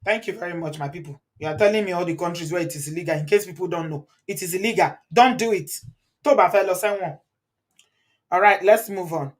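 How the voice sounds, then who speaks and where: A woman's voice: fairly low pitch, quick pace. A woman from Nigeria with a Nigerian accent, hosting a live commentary. She reads viewer comments aloud, chats freely, switches into Pidgin and Yoruba and laughs often. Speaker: channel host.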